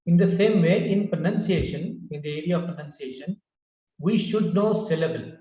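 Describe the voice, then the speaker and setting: A man's voice: a little high, lively intonation, moderate pace, dark tone. A man with an Indian English accent teaching a pronunciation lesson, repeating each word several times to drill it. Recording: roomy, distant, dull lo-fi sound.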